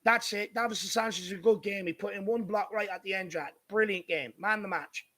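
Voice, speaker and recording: A man's voice: high-pitched, brisk, pushed and bright. An Irish man hosting a live football watchalong, ranting furiously and swearing at his team's defending. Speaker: fan channel host. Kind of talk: live match watchalong commentary.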